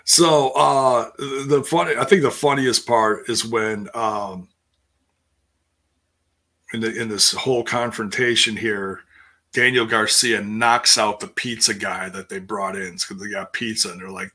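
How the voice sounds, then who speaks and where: A man with a husky, bright-edged voice talks through a wrestling recap in a loose, rambling way. He restarts his sentences often and jumps up in pitch when he acts out what people said. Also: fairly even intonation, a little slow. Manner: rambling and self-interrupting, acts out quotes in a higher voice. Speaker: wrestling show recap host. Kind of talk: casual wrestling recap chat.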